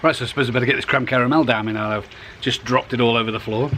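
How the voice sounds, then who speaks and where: A middle-aged man talks casually beside his pond outdoors. His voice sits at a middle pitch, and he rambles along, restarting half his sentences. Faint outdoor noise runs underneath. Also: fairly even intonation, racing, bright, forceful tone. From United Kingdom. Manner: rambling and chatty, restarts phrases. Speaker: koi pond vlogger. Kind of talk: casual vlog.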